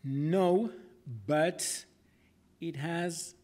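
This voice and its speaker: A man's voice: a little high, extremely slow, darkish tone. A man presenting a talk, answering audience questions in a thoughtful, hedging way with frequent fillers. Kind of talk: discussion Q&A.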